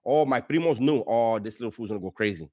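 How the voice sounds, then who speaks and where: A man's voice: mid-range voice, animated, fast talker, dark tone. A man hosting a casual livestream, reading chat messages in a slangy way, laughing often and stumbling over his words.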